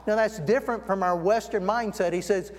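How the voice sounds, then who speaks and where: A man preaching a sermon as a guest, telling a story and slowing down to stress key words. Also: sits high, steady tone. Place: church sanctuary. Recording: long church hall reverb.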